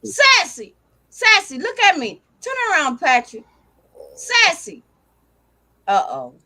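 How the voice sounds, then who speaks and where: An older woman hosting a casual live stream, loudly and playfully teasing a dog over a video call, swearing and calling its name again and again. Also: very high-pitched, wildly swooping pitch, slow pace, a loud crowd.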